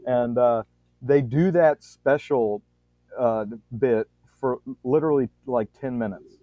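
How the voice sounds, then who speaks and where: A man's voice: medium pitch, slow pace, dry recording. Man telling a rambling story over a tinny line. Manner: rambling, frequent restarts, swears freely. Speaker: podcast storyteller. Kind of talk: casual rambling anecdote. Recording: tinny phone-like dry sound.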